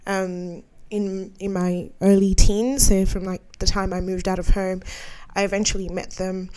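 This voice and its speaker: A woman's voice: medium pitch, flat delivery, a little slow, darkish tone, smooth. A young adult woman hosting a podcast in casual chat, candid and heartfelt, full of slang and "like"s. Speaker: podcast host.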